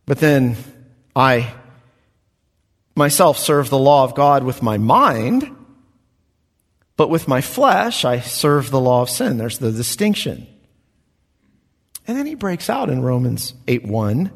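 A man, a pastor, preaching an emphatic expository sermon with soft chuckles. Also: medium pitch, lively intonation, a little slow, long pauses, slightly rough. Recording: reverberant hall.

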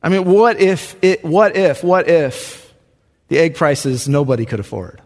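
Emphatic preacher in a reverberant hall. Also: male voice, fairly high pitch, expressive, unhurried. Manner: emphatic, swinging from loud rises to hushed drops. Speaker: pastor. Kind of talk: sermon.

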